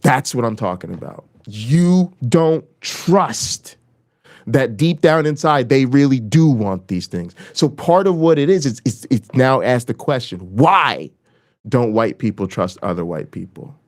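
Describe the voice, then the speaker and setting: A man's voice: lively intonation, measured pace, a little mellow. A man hosting his own channel, delivering a heated, profane political rant and repeating lines for emphasis. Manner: swings between raised emphasis and low, dropped delivery. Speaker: channel host. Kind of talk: impassioned political rant to camera.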